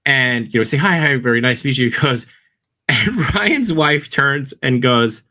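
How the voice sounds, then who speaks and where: Animated, laughing male podcast co-host. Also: mid-range voice, measured pace. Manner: laughs often, rambling animated storytelling. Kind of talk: casual chat.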